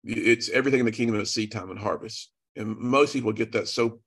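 A guest speaker gives an earnest, dramatic testimony, telling his story and acting out the dialogue. His voice is lowish, a bit bright and husky, and he talks a little fast.

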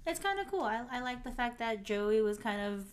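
A woman's voice: fairly high pitch, very animated, fairly quick. A woman co-hosting a podcast, recapping a TV episode in casual chat and laughing often as she retells scenes. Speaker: podcast co-host.

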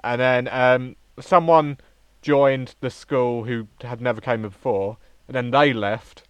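A young man chats casually on a podcast, rambling and restarting his sentences. His voice is mid-pitched and the sound is dry and close. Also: steady tone, slow, clean tone, no room sound. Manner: chatty, rambling with restarts and giggles. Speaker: podcast co-host, drama student. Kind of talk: casual chat.

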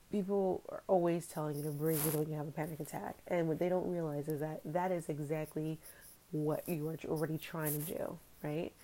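A young woman recounts a personal story on her podcast in a candid, reflective way, slipping into the voices of the people involved. Her voice sits low, with a mellow, unforced tone. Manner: candid, reflective, quotes others in dialogue. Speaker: podcast host.

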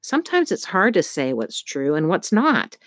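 A nervous, jittery librarian man in a storybook reading, whispering fast and anxious and slipping in bad puns, as a woman puts him on. He sounds close and dry. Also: fairly low pitch, huge pitch swings, no room sound. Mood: earnest.

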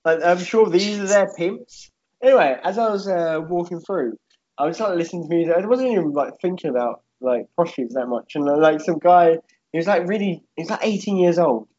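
A man's voice: sits high, lively intonation, a little fast, a little mellow, highs cut off. A young man telling a rambling story on a podcast, swearing and laughing often as he talks. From Britain. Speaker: podcast co-host.

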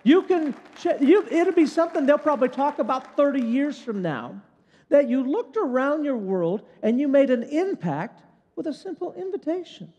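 Older male pastor, very high-pitched, animated conversational sermon, long hall reverb. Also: normal speed, dull audio. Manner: animated, conversational preaching with frequent "right?".

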